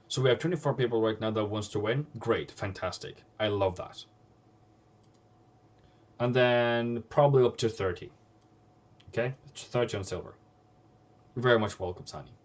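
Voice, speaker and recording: Fairly low in pitch and a little mellow, this man runs a forex trading livestream in English, though Norwegian is his first language. His scolding is blunt, and he hammers phrases through repetition.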